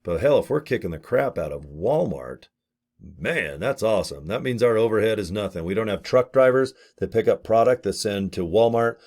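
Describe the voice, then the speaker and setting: A man's voice: lowish voice, expressive, normal speed, darkish tone. A man in his late fifties talking casually to camera about a business opportunity, folksy and blunt with mild swearing and rambling asides. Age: 50s. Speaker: network marketing affiliate. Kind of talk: casual to-camera sales chat.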